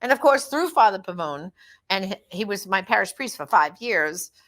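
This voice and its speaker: A woman's voice: mid-range voice, lively intonation, normal speed, a bit bright. A middle-aged woman giving a casual personal testimony, telling her story and acting out the voices of the people in it. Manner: storytelling, acts out quoted voices.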